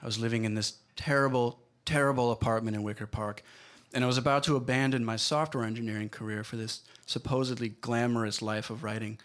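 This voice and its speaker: A man's voice: medium pitch, fairly even intonation, quick pace, fairly bright tone. A man narrating a personal story at a live storytelling show, in a wry, self-deprecating way.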